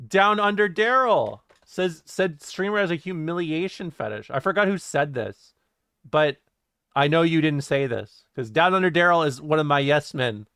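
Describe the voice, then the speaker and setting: A man's voice: fairly high pitch, animated, normal speed, a bit bright, clean tone, no room sound, clean studio sound. A man streaming live, reading his chat aloud and joking around with plenty of swearing and laughter. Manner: joking and profane, often laughing. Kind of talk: casual livestream chat reading.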